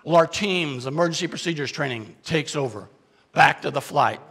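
Theatrical motivational speaker, bright man. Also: a little high, normal speed, creaky, slightly rough, long reverb tail. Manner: theatrical, swings from loud urgent bursts to hushed confessions; asks the audience questions directly. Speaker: keynote speaker. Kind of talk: dramatic motivational storytelling to an audience.

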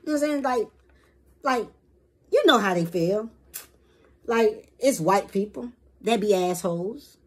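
A woman's voice: medium pitch, lively intonation, unhurried, long pauses, slightly rough. A woman vlogger giving a rambling, profane opinion rant to camera in casual street slang.

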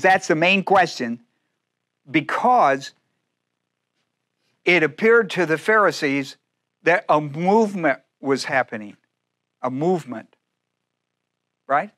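A man delivers a casual, animated sermon with a somewhat high voice. He slips into the voices of the figures he talks about and laughs at his own asides. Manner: animated, acts out speakers in first person, laughs often. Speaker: pastor.

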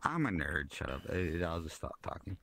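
A man's voice: deep voice, sing-song, normal speed, gravelly, pushed and bright. A man chatting casually in a social VR hangout, rambling and swearing often while he has a drink. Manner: rambling, swears often, talks about comics. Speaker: streamer hanging out in social VR. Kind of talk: casual chat.

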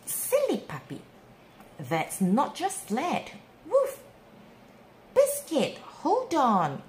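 A woman reading a children's bedtime story aloud in a slow, sing-song, expressive way. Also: sits high, a little hiss or hum. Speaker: storybook reader.

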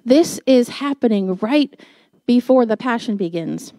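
A woman pastor giving a sermon, telling a personal story in a chatty, animated way and laughing at herself. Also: on the high side, measured pace, no room sound.

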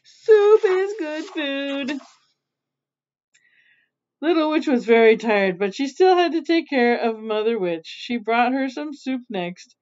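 Woman, casual read-aloud, chatty asides, somewhat high voice, dull lo-fi recording. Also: animated, moderate pace, few pauses, darkish tone. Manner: chatty, stops to explain and laugh. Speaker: storyteller reading a picture book aloud.

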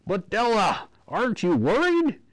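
A man reading a storybook aloud, voicing a fussy, half-blind old doctor in a high, drawn-out voice. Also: huge pitch swings, no room sound, exaggerated voice.

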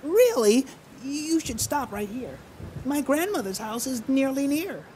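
A man doing a cheerful, earnest young boy from a storybook, pitched up and pleading. The delivery is slow and swings widely in pitch. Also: very animated, darkish tone, a little hiss or hum, full character voice.

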